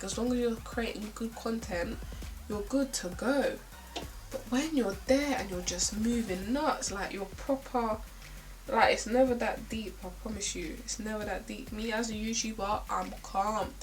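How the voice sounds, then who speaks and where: A woman's voice: a little high, recorded from a distance, rough recording. Chatty young South London woman. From South London, England. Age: young adult. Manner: chatty, ranting, slangy, lots of "like" and restarts. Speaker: beauty vlogger. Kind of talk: casual get-ready-with-me chat.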